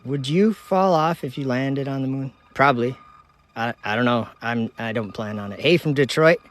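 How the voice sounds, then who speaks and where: A man from Minnesota hosts a casual live stream from outdoors at night, talking into his phone. He reads viewer comments aloud in a relaxed, friendly way and laughs easily as he goes. His voice sits at an ordinary middle pitch for a man. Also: normal speed. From United States (Minnesota). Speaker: livestream host.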